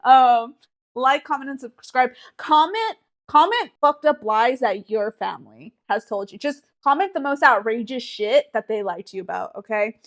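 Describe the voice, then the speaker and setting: A young woman co-hosting a podcast, telling a story in a casual, animated way with plenty of swearing. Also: a little high, normal speed. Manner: animated, swearing, exaggerated retelling. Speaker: podcast co-host.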